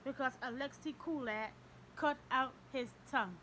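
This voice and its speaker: A woman's voice: sits high, moderate pace, background noise, lightly acted. A woman reading the part of a stern, elderly male Russian priest who speaks tersely and formally in an audiobook. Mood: bitter. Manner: terse, formal, ignores questions.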